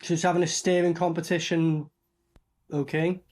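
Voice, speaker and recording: A man's voice: on the high side, flat delivery, normal speed, heavy background noise. A man giving a sarcastic, swearing commentary while a cheap movie plays. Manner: sarcastic, swearing, talks over the film. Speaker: movie reviewer. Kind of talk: casual film commentary.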